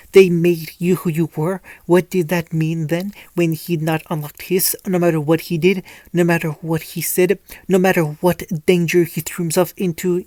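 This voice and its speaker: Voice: mid-range voice, darkish tone, dry recording. A narrator reading a fan-fiction story aloud, with frequent stumbles and restarts. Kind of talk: storytelling reading with light character voices.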